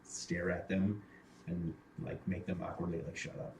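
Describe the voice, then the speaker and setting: Deep-voiced man, hesitant, filler-heavy player. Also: little pitch movement, normal speed, noisy background. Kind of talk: describing his character's actions in a tabletop game. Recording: distant mic in a roomy space.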